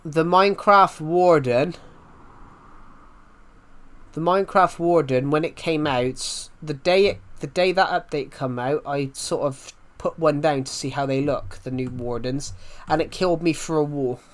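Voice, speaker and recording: Young guy on a stream, kinda high voice, rambles and repeats himself a lot. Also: a little slow. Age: 20s. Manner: rambling, often restarts and repeats phrases. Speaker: live streamer. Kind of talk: casual live-stream chat.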